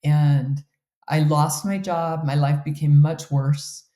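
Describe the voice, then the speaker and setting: A woman in her fifties recounts her life in an interview, speaking earnestly and with open emotion. Her voice sounds warm and mellow, and the room around her is noticeably echoey. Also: sits low, little pitch movement, slow pace. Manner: earnest, candid, emotional storytelling. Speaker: guest. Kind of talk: personal storytelling in an interview.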